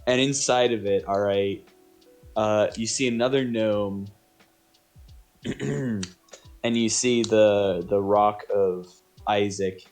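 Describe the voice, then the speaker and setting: A man's voice: lowish voice, steady tone, slow, pauses often, a little mellow, faint music behind. A man narrating as game master in a casual tabletop session, his voice sore, talking loosely with lots of fillers. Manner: loose, filler-heavy, laughing.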